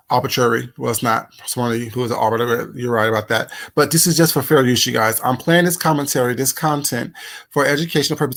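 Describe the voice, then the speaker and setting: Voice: mid-range voice, a bit bright. A commentator talking casually and animatedly over a played clip, calling the listeners baby and honey. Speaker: reaction commentator.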